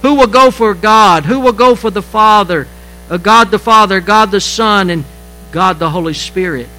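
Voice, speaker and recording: A man preaching a sermon as pastor, halting and repeating words, shifting between quiet stretches and emphatic lines. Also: high voice, a little hiss or hum, poor audio.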